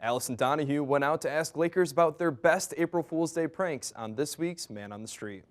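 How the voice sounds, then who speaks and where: A man's voice: a little high, fairly quick. Man anchor introducing a segment. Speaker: news anchor. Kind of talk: scripted news read.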